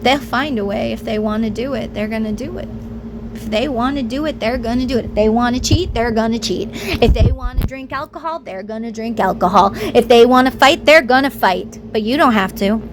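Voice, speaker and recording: A woman vlogger with a high voice speaks in a candid, rambling monologue. She is emphatic and slips into the voices she quotes. Steady background noise sits under her voice. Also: fairly quick.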